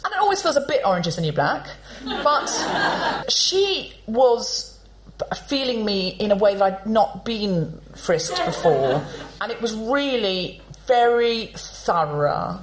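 A woman hosting a comedy podcast on stage, telling a story to a live audience in an animated, chatty way and acting out the people in it. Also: mid-range voice, slight background noise.

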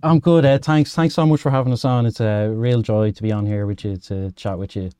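A man with a Dublin Irish accent, a guest talking casually and warmly with some fillers. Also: fairly low pitch, fairly even intonation, fairly quick, clean tone, no echo, studio quality. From Ireland. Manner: friendly, hesitant with fillers. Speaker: guest, project co-founder. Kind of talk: casual interview.

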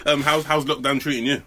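Laid-back comedian hosting. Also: male voice, mid-range voice, a bit bright, breathy edge. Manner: laid-back, laughs often, stumbles on words. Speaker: podcast host and stand-up comedian. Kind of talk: casual podcast chat.

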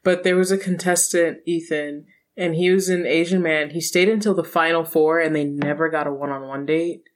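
A woman's voice: low voice, steady tone, normal speed. A woman co-hosting a podcast, chatting casually about a reality dating show and dropping dry, wry comments. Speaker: podcast co-host. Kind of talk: casual reality-TV recap chat.

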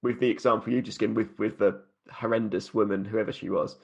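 A man's voice: fairly low pitch, steady tone, fairly quick, gravelly, darkish tone, highs cut off. A man hosting a podcast, asking questions in a thoughtful way and speaking openly about his own anxiety. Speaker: podcast host. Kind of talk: casual interview chat.

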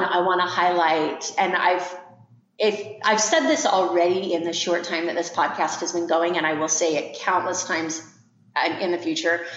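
A woman's voice: on the low side, fairly bright tone. A woman co-hosting a podcast in reflective, casual chat, laughing often. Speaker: podcast co-host. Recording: echoey room, dull lo-fi sound.

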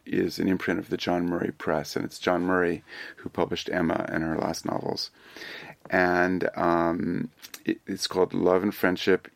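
Deep, gravelly older American man. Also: no room sound. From United States. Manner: dry, wry humor, digressive and thoughtful. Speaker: film director being interviewed. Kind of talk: relaxed interview answers.

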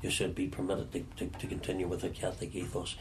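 A Northern Irish man with a very low voice recalls his past in an unhurried interview. He often halts and repeats words as he feels his way. Faint noise sits under his speech. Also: monotone. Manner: halting, repeats words as he searches for them. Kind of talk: reflective storytelling.

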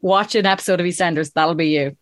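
A woman's voice: lowish voice, fast talker, dry recording. Teasing Irish woman, dry close sound. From Ireland. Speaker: podcast co-host. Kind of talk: casual chat.

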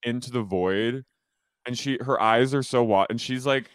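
A man's voice: mid-range voice, normal speed, clear, resonant tone, dry recording. Young guy recapping a tv show, doing the characters' lines, dry close mic. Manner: animated, acts out characters' lines in quotes. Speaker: podcast co-host. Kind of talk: casual chat recapping a TV episode.

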